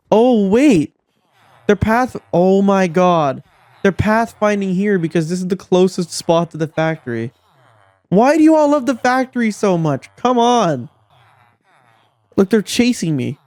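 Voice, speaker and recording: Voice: mid-range voice, a little mellow, no echo. A gameplay commentator talking casually, exasperated and swearing often, scolding game characters, with the voice leaping up when frustrated.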